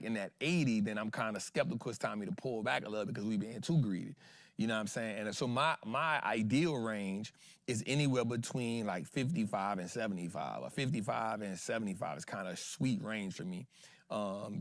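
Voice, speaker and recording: A man's voice: on the low side, no room sound, studio quality. A man hosting an investing show in casual livestream talk, slangy and emphatic, throwing rhetorical questions at his viewers.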